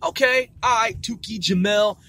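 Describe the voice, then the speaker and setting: A male vlogger rants in a rambling, casual monologue laced with profanity and street slang, looping back to repeat himself. His high voice is bright and forceful, moving at a moderate pace. The recording is dry.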